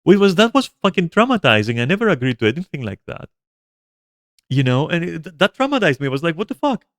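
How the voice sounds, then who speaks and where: Male game streamer, casual storytelling, animated and profane, a bit high-pitched, dry close sound. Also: quick pace, dry recording. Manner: animated, profane, frequent fillers and self-interruptions; chats to viewers and a pet between stories.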